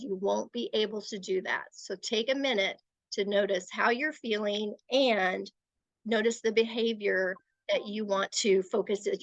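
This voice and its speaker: A woman's voice: mid-range voice, vocal fry, no echo, rough recording. Woman explaining parenting skills, dry sound. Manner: gentle, explanatory, acts out example phrases. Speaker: parenting educator. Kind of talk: instructional talk to parents.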